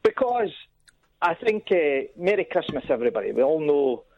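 A man's voice: a little high, sing-song, moderate pace, dull audio. A man with a Scottish accent who has called in to a radio show and chats in a rambling, hesitant way, full of asides. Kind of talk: casual radio chat.

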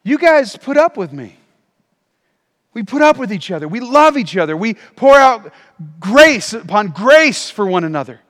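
A man preaching a sermon as pastor, animated and calling for responses from the congregation. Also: high voice, normal speed, long reverb tail. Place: church auditorium.

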